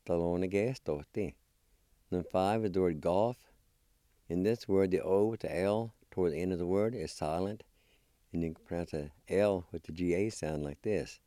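A male language teacher with a low, dark voice speaks at an ordinary pace, recorded dry and clean in a studio. He patiently breaks words into syllables one by one during a spelling and pronunciation lesson, cheering his learners on.

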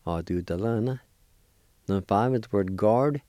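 A man giving a weekly language lesson, deliberately spelling out and pronouncing words syllable by syllable. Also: on the low side, dark tone, dry recording, clean studio sound. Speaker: language teacher.

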